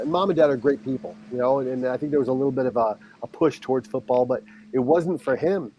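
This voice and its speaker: Speaking quickly with few pauses, a middle-aged man shares a sincere story on a podcast, where he is a guest and a high school football coach. His voice is ordinary and mid-range, and he performs the exchanges with warmth and conviction while noise fills the background.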